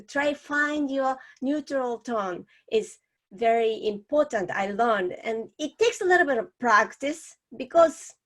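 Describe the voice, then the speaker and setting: Japanese accent lady, kinda high, talks slow and careful about voice stuff. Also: expressive, fairly bright tone. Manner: slow, deliberate, demonstrates tones. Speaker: co-host, professional speaker. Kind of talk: casual panel discussion on speaking.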